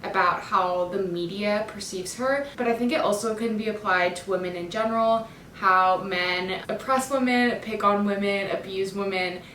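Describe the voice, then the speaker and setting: A woman's voice: a bit bright, far from the mic. A woman casually breaking down song lyrics, chatty and enthusiastic, with lots of fillers. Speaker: music fan breaking down an album. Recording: echoey room, voice from off the mic, faint rumble.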